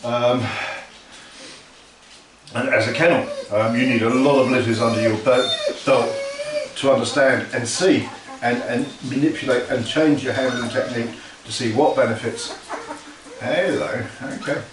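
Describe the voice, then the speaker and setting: A man, a dog breeder, casually explaining puppy handling while talking softly to the pups. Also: medium pitch, fairly even intonation, moderate pace, distant mic. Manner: talks softly to puppies between explanations. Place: kennel with puppies. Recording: roomy, from off-mic, with crowd noise.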